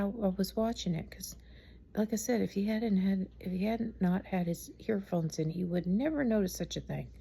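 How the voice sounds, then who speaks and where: A woman's voice: lowish voice, creaky, warm tone, breathy edge. A tired middle-aged woman telling a rambling, chatty story about her son late at night, laughing at it along the way. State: tired, speaking softly at night. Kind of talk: casual storytelling vlog.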